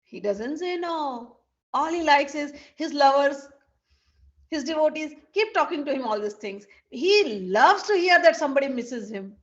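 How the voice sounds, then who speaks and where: Woman, high voice, devotional storytelling, acts out characters, dull lo-fi sound. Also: unhurried. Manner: animated, acts out the characters' lines.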